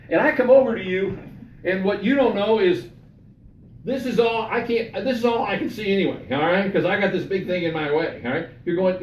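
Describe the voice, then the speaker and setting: A male pastor talks through scripture with a small group in a casual, repetitive way, often checking in with his listeners. His voice sits a little high. He is far from the mic in a reverberant room with faint background noise. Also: a little fast. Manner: conversational, repeats himself, checks in with "all right?". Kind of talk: teaching a Bible study.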